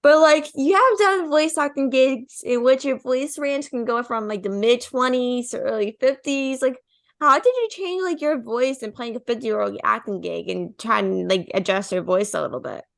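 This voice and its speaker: A woman's voice: on the high side, moderate pace, creaky. A young woman hosting a podcast interview, chatty and leaning heavily on filler words as she talks. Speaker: podcast host. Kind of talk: casual interview chat.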